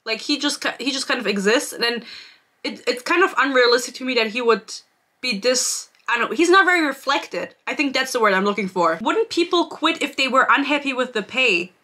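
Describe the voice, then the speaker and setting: A woman's voice: high voice, lively intonation, fairly quick, bright, forceful tone. A woman giving a casual, sarcastic book review rant, swearing freely and laughing often.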